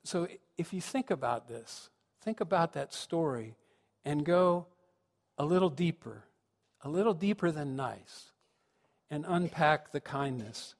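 A man's voice: fairly high pitch, animated, measured pace. A man, a minister, giving a sermon with reflective storytelling that rises to earnest emphasis. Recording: long reverb of a large hall.

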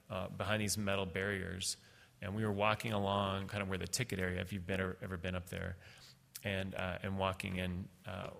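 A middle-aged man tells a personal story, stopping and restarting often with lots of fillers. His fairly low voice is gravelly and bright. The recording carries a long hall reverb. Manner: halting, many fillers and restarts.

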